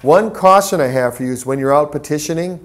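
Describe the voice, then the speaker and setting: A man giving a training talk to volunteers, telling stories in a preacherly, animated way. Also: a little high, brisk. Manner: preacherly, storytelling, lively acted quotes. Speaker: pro-life petition trainer.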